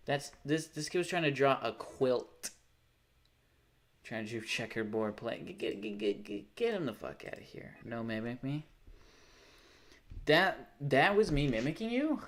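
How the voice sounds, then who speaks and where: A young man chatting casually on a live stream, rambling, sarcastic and swearing freely. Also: medium pitch. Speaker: livestreamer.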